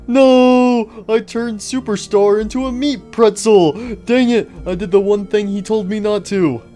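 A man's voice: medium pitch, normal speed, warm tone, faint music behind, close to an everyday voice. A man voicing a bumbling male bear animatronic in a goofy, flustered way.

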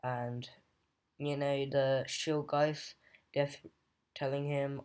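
Guy slowly rambling thru a comic recap, lots of ums, pretty monotone. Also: mid-range voice, smooth. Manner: rambling, with fillers and restarts. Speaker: comic book reviewer. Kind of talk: casual plot recap.

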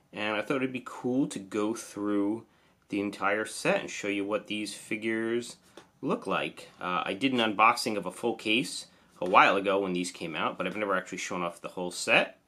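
A man's voice: fairly low pitch, pushed and bright. A man with a New Jersey accent casually reviewing toy figures, chatty and enthusiastic. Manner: enthusiastic, chatty, lots of "awesome".

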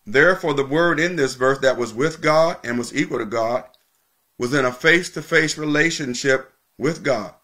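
A man preaches from the pulpit in a steady mid-range voice. He teaches with emphatic repetition, drawing out important words slowly to drive them home. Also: medium pitch. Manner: emphatic teaching, repeating key phrases, slowing for stress. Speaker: pastor. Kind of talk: sermon.

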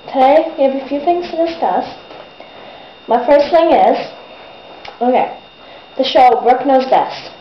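A teenage girl in her bedroom, ranting in a casual, exasperated vlog and mocking people with put-on voices. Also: high-pitched. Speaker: vlogger. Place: bedroom at a desk. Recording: echoey, dull webcam audio with faint hiss.

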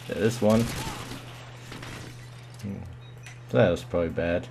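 Profane muttering man at a slow pace. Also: sits low, gravelly, dark tone, slight background noise. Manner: profane, muttering, with sudden yelps. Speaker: gamer commentating his own match. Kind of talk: live gameplay commentary.

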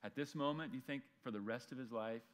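A man's voice: medium pitch, a little fast. Casual-talking male pastor. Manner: conversational, acts out voices of people in the story. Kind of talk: sermon.

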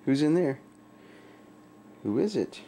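A man at home gently asking his toddler simple questions again and again, in playful talk. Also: on the high side, very animated, slow, slight background noise. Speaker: father talking to his toddler.

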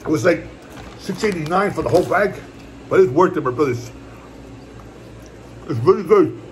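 A man's voice: a little high, expressive, normal speed, slight background noise. Laid-back man chatting while he eats. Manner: laid-back, rambling, repeats "my brothers" and "puppy". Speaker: mukbang vlogger. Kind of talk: casual eating vlog chat. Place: at home, indoors.

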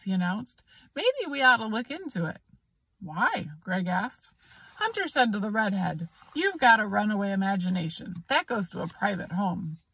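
A woman with a husky, slightly breathy voice reads a story aloud. Her pitch rises and falls a lot as she gives each character a voice. The recording is dry and close. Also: no echo. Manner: lively, expressive reading with occasional slips. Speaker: audiobook reader.

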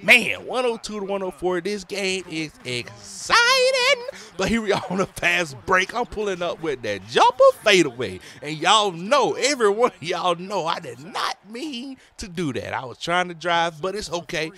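A man, a father, giving excitable, slangy play-by-play commentary over his own video game session. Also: high voice, moderate pace. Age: adult, a parent. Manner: excitable, slangy hype talk. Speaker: gaming YouTuber.

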